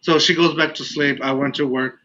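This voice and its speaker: A man hosting a podcast, telling a story in an animated, casual way and laughing often. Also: fairly high pitch, a little fast, a little hiss or hum. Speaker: podcast host. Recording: dull lo-fi audio.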